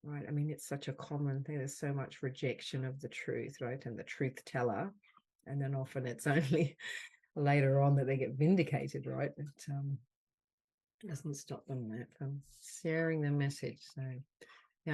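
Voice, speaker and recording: A woman hosting a group healing call on a video call, slowly leading gentle repeated affirmations. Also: rumbling low, fairly even intonation, husky. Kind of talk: guided group session.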